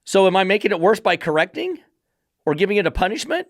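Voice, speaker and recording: A man's voice: high-pitched, big pitch swings, quick pace, no room sound, clean studio sound. Fired-up sarcastic man ranting. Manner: swears freely. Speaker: dog trainer and podcast host. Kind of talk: podcast rant.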